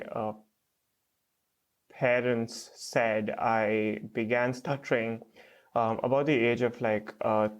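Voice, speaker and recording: A young man, a podcast guest, speaking slowly and hesitantly with stutters, repeats and many fillers. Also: mid-range voice. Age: young adult. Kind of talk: podcast interview.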